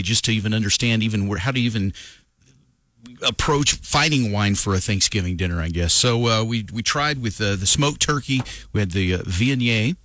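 Bright-voiced male radio host. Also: lowish voice, no echo. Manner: casual, joking. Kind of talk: morning radio chat.

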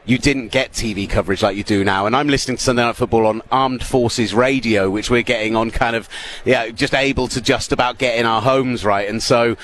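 A British man in his thirties, chatting casually as an interview guest with lively storytelling. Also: mid-range voice, a little fast. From United Kingdom. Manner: chatty, animated storytelling with laughs. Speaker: radio broadcaster guest.

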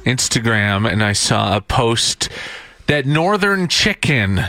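A man's voice: medium pitch, big pitch swings, slow, sharp tone. A man hosting a morning radio show, chatty and teasing his co-hosts.

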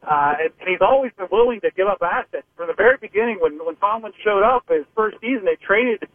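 A man's voice: sits high, lively intonation, fast, dry recording. A man from Pittsburgh, a sports reporter calling into a radio show, talking in rambling, hesitant sentences full of restarts. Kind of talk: phone-in sports radio analysis. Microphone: phone. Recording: narrow phone line.

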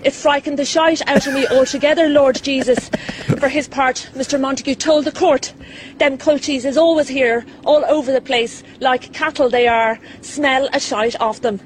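A woman with an Irish accent, reading a court report on air in an earnest, measured way outside a courthouse. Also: sits high, fairly even intonation, a little hiss or hum, low-quality recording. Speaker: news reporter.

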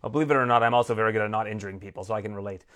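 A man's voice: lowish voice, a bit bright. A male interviewer asking questions and joking between them. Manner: joking, fast-talking.

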